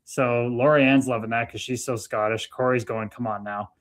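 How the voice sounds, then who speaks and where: A man's voice: mid-range voice, steady tone, normal speed. A man from Canada hosting a casual livestream, chatting easily and reading out viewer comments. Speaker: livestream host.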